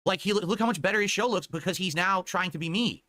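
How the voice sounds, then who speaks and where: A man's voice: sits high, quick pace, pushed and bright. A man ranting on a stream, mocking and profane.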